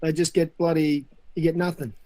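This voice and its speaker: A man's voice: a little high, level tone, normal speed, mellow. An Australian man calling in to a casual chat, laid-back and slangy. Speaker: caller.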